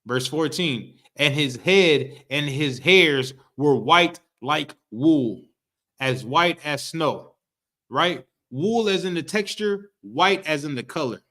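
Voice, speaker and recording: A man's voice: fairly high pitch, lively intonation, bright, forceful tone. Man teaching scripture in slangy street talk. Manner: reads verses slowly, then explains loosely with "right?" and acted reactions. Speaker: street teacher of a history class.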